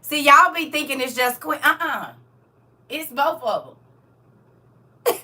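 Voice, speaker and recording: High, bright-voiced teasing woman streamer. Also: lively intonation, slow, long pauses, far from the mic. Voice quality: self-described croaky frog voice. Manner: teasing, laughing, talks to viewers as y'all. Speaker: livestream host. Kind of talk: casual livestream chat.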